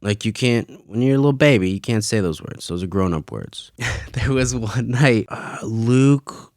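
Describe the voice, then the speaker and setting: A man's voice: medium pitch, animated, unhurried, a little mellow, no room sound, studio quality. A man in his thirties hosting a casual solo podcast from his basement, rambling and swearing with frequent laughs. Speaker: podcast host. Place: home basement.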